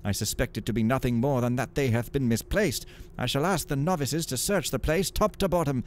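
A man's voice: mid-range voice, fairly quick, pitched above the performer's own voice, close to an everyday voice. A fretful old monk librarian mutters in old-fashioned speech, pious, fussy and a little pompous, as a man puts him on for a game. His voice sits a little raised over a faint hiss of background noise. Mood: fretful musing. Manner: archaic, musing, slightly pompous.

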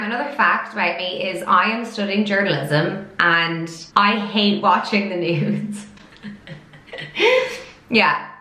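A woman of twenty-five chatting to camera in a fast, loud, storytelling way. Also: medium pitch. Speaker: vlogger. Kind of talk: casual chat to camera. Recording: echoey room.

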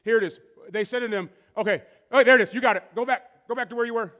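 A male pastor preaching to his church in a strikingly high voice. He builds to shouted, stretched-out refrains, then sinks to slow, hushed passages before climbing again. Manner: swings from shouted climaxes to low, slow, quiet stretches; drawn-out emphatic repetition. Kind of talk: sermon.

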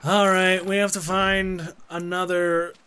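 A man co-hosting a let's play, excitable and rambling, reading game text aloud with drama. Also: sits high, takes it slowly. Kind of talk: casual gameplay commentary.

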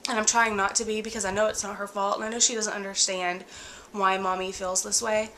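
A young woman talks to her camera in a casual vlog, worn out and breathless from a bad cold. Her voice is bright and forward despite the fatigue, and she drifts through ums and likes as she speaks candidly. A faint hiss sits under the recording. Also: mid-range voice, flat delivery, a little fast. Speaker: vlogger.

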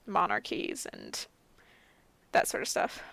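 A woman's voice: very deep voice, huge pitch swings, takes it slowly, creaky, a bit bright, no echo. A young adult woman co-hosting a casual book podcast, laid-back and giggly, with plenty of fillers. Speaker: podcast co-host.

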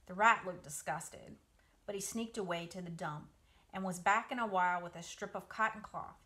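A woman reading a children's novel aloud for a book club, with expressive storytelling. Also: on the low side, normal speed.

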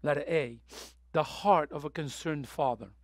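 A man preaching a sermon with passion, going from soft, tearful moments to loud, urgent appeals. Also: a little high, normal speed, dry recording. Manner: impassioned, swings from soft to loud; emotional, near tears. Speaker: pastor.

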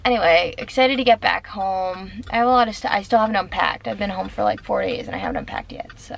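A woman's voice: mid-range voice, big pitch swings, fast, gravelly, a little hiss or hum, rough recording. A young woman from New Jersey chatting casually to her camera in a vlog, giggly and saying "like" often. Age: young adult. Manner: chatty, giggly, uses "like" a lot. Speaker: vlogger. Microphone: handheld camera.

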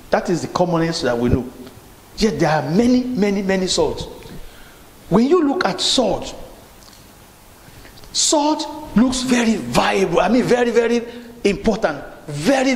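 High-voiced preacher in an echoey hall. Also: male voice. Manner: repetitive, call-and-response preaching with restarts. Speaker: pastor. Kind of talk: sermon. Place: church hall. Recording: echoey hall with faint room noise.

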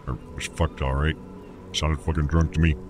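A man's voice: a bass voice, little pitch movement, moderate pace, background noise. A man doing a crude, mocking cop. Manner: crude, sneering. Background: game music.

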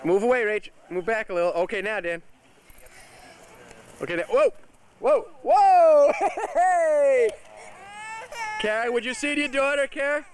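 In a suburban backyard, a man films a home movie and narrates casually, directing and cheering the kids as they play. His high voice is clean and fairly bright, a little fast, with frequent pauses. The camcorder's built-in mic also catches the chatter of the party crowd.

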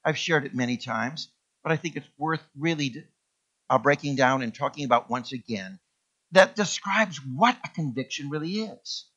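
A male pastor preaching a sermon in a church, emphatic and repeating key words with sweeping rises in pitch. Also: expressive, moderate pace, a bit bright, husky, muffled recording. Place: church sanctuary.

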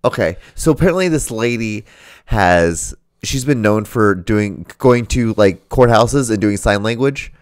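A man's voice: fairly low pitch, lively intonation, unhurried, smooth, no echo, clean studio sound. A man co-hosting a podcast in casual chat, rambling with lots of fillers and swearing. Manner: crude, rambling, full of fillers and profanity. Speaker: podcast co-host.

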